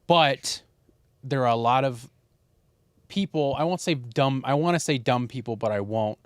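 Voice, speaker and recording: A young man co-hosting a podcast, talking in a casual, animated and opinionated way, with fillers and swearing. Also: medium pitch, moderate pace, no room sound, clean studio sound. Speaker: podcast co-host. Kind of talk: casual chat.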